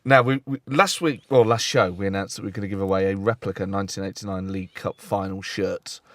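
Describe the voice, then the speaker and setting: Jokey English podcast host. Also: male voice, low-pitched, steady tone, brisk, a bit bright, no echo. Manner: jokey, reading jokes aloud. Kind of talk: casual podcast chat.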